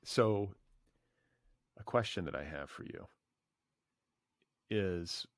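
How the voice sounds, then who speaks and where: A man's voice: sits low, takes it slowly, no echo, studio quality. A man hosting a podcast, asking questions in a casual, loose way. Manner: casual, uses lots of fillers like "like". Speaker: podcast host. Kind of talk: casual interview chat.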